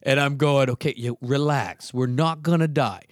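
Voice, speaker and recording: A man's voice: mid-range voice, normal speed, no echo, clean studio sound. A man telling a story in casual chat, acting out the voices and laughing as he goes. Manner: animated, acts out voices, laughs through the telling.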